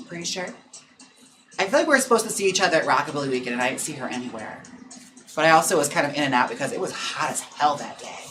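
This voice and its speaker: A man's voice: a little high, noisy background. A young adult man, a drag performer, chatting casually on a live stream, gossipy and full of "like" and "girl" as he reads viewer comments. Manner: chatty and gossipy, lots of "like" and "girl", quick laughs. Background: background music.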